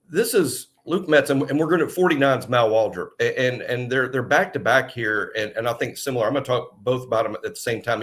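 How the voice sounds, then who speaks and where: Man, mid-pitch voice, measured and thoughtful, casual sports analysis, lots of fillers. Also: a bit bright. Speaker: podcast co-host and analyst.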